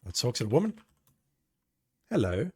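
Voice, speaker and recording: Man doing game commentary, wry and sarcastic, lively pitch, dry close sound, typing heard. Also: moderate pace, no room sound. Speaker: let's play gamer. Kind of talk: casual game commentary, reading game text aloud.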